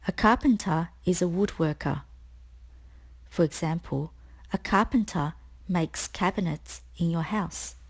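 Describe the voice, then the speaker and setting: Woman, spelling tutor, slow deliberate delivery, gravelly lowish voice. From Australia. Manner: slow, clear, deliberate explanations. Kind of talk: scripted spelling lesson.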